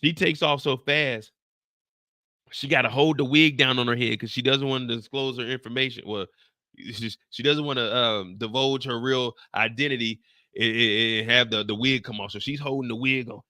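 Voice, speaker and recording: A man's voice: medium pitch, fairly even intonation, normal speed, pushed and bright, dry recording, clean studio sound. A man hosting a live TV episode recap, telling the story in a profane, slangy way and acting out scenes with sound effects and his own anecdotes.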